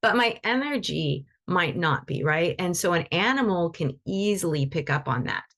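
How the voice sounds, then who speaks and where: A woman's voice: lowish voice, animated, normal speed, a bit bright. A woman teaching animal Reiki in a live online session, talking loosely and conversationally with frequent restarts.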